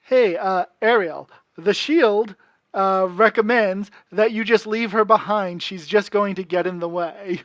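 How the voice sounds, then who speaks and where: A game master narrating a tabletop game in a relaxed way, with frequent fillers. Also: mid-range voice, measured pace, no echo, muffled recording.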